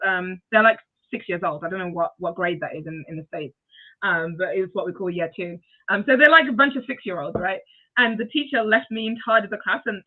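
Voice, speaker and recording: A woman talks casually as a guest on a video call. Her voice stays soft and never rises much. The sound is thin and phone-like. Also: mid-range voice. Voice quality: soft voice that cannot be raised. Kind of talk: casual conversation.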